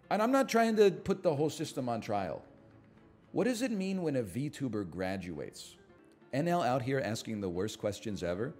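A man in casual live-stream chat, sarcastic and quick to fake outrage. His voice sits at an ordinary middle pitch for a man. He talks to his audience as if he were ranting to friends. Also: sing-song, darkish tone, soft background music. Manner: sarcastic, mock-outraged rants.

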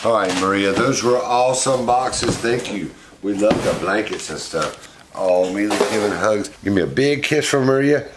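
A man's voice: on the low side, animated, normal speed, noisy background. A man hosting a casual unboxing vlog, chatty and fond, often talking to his pets. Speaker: pet monkey owner and channel host.

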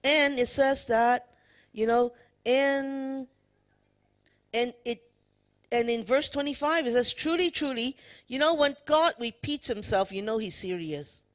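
Woman preaching a sermon, slow delivery, emphatic, asks the church questions. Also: on the high side. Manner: emphatic, addresses the congregation with questions and "you know" fillers. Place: church worship service.

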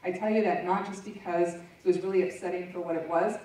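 A woman's voice: lowish voice, steady tone, brisk, a little mellow. Woman, presenter, candid storytelling, frank asides, very echoey room, distant mic. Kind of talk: personal testimony talk. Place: large meeting room.

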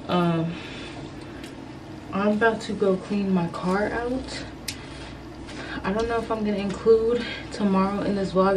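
Young female vlogger, lowish voice, loose chatty delivery, off-mic with background noise. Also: recorded from a distance. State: out of breath after climbing stairs. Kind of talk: casual vlog chat.

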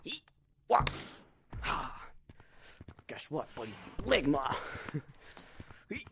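A man narrating his own gameplay in a casual, giggly way, teasing other players and slipping into whispers. His pitch swoops widely while his pace stays unhurried. A faint hiss of noise sits under the voice. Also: wildly swooping pitch, creaky. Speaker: gaming video creator.

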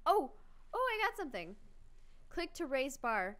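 A young adult woman giving chatty, excitable commentary while playing a video game and reading its text aloud. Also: sits high, a little slow. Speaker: gaming channel host. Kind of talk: casual let's-play commentary.

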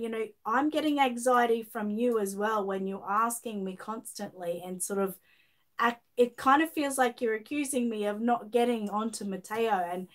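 A talkative Australian woman in middle age, hosting a relaxed livestream. She reads out viewer comments and wanders through her replies, restarting sentences and filling pauses as she goes. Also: medium pitch. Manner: chatty, rambling with many fillers and restarts. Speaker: livestream host. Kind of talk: casual livestream chat reading viewer comments.

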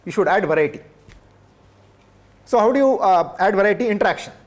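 Higher-voiced male lecturer. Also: lively intonation, fairly quick. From India. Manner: repeats for emphasis, asks the audience rhetorical questions. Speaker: professor. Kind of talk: lecture to teachers.

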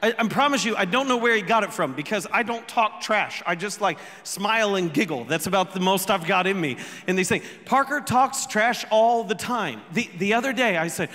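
A man preaching a sermon as pastor, telling the story with jokes, quick asides and sudden shouts. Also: high voice, expressive, long reverb tail. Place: church sanctuary.

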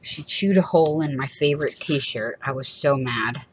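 A woman's voice: very deep voice, moderate pace, slight background noise. A woman, chatting casually and rambling with laughs while she crafts for her channel. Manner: rambling, chatty, laughs often, acts out little quoted voices.

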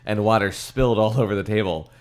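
A man's voice: fairly low pitch, fairly even intonation, fast talker, a crowd in the background. A man co-hosting a comedy podcast, reading a children's book aloud and slipping crude jokes into it. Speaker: podcast co-host.

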